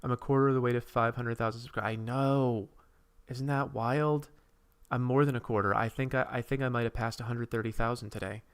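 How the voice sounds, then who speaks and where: A man's voice: mid-range voice, steady tone, fairly quick, smooth. A man hosting a casual livestream, rambling while he reads and answers viewers' comments and draws. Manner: drawing while talking. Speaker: streamer host.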